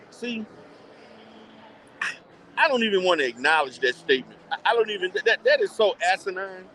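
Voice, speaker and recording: Blunt animated man with a high voice. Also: a little fast, pauses often, slight background noise. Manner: blunt, animated, laughs often, repeats words. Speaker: vlogger chatting with live viewers. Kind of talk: casual live-stream chat while shopping. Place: indoor shopping mall.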